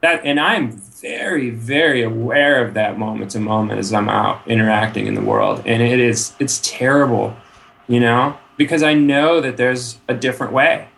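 A man chats loosely as a podcast guest in a voice of ordinary pitch. His talk rambles and drifts, he swears freely, and he leans on "you know" throughout. His manner is laid-back and unpolished. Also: moderate pace, vocal fry, a bit bright. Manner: trails off with frequent "you know". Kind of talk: casual chat.

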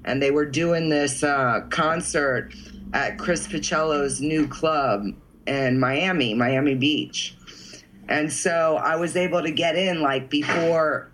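A man's voice: a little high, fairly even intonation, slow pace, fairly bright tone, slight background noise, low-quality recording. A man from New York telling a story in casual chat, laid-back and rambling. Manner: laid-back, rambling, lots of "you know".

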